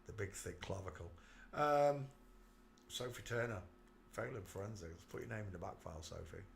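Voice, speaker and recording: A man's voice: on the low side, normal speed, creaky, slight background noise. A man hosting his channel, giving mocking commentary over photos and calling out to the viewer. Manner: jeering, talks to the viewer, breaks into laughter. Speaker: channel host.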